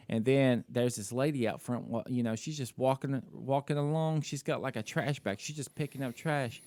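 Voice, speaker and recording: A man's voice: mid-range voice, fairly even intonation, normal speed, a little mellow, dry recording. A man co-hosting a podcast, telling a story in a casual, candid way and criticizing himself, with lots of "you know" and "like". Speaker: podcast co-host. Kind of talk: casual chat.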